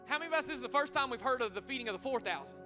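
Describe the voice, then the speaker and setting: A man preaching a lively interactive sermon, calling out to the congregation and talking quickly and chattily. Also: very high-pitched, music in the background. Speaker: pastor. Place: church sanctuary.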